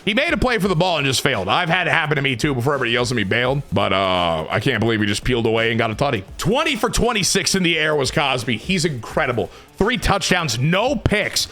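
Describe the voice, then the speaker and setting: A man commentating a football video game from his room, yelling at big plays and muttering in between. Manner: swings from loud hype to low muttering. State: sweaty and tired from long recording. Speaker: gaming YouTuber.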